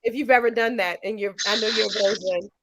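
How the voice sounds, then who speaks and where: A woman's voice: medium pitch, fairly even intonation, fast talker, noisy background. A woman hosting a casual podcast chat, playful and teasing, often laughing as she questions her guests. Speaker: podcast host.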